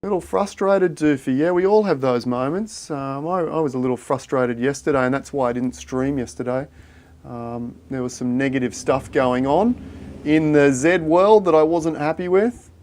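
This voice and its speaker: A chatty man talks through ideas on a casual livestream at a mid-range pitch. He thinks out loud and answers viewers in a friendly, matey way. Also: normal speed. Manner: thinks aloud while reading viewer chat, matey and chatty. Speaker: livestream host.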